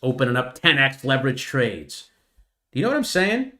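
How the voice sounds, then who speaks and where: A man's voice: medium pitch, very animated, normal speed, pushed and bright. A man hosting a live trading stream, talking animatedly and mocking impatient retail traders. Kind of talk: live stream market commentary.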